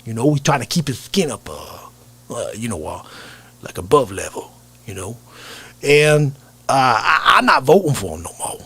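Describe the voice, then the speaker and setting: A man putting on a raspy, blunt, fed-up working-class man who lectures about politics. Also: medium pitch, very animated, normal speed, a bit bright, heavily acted. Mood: grumbling.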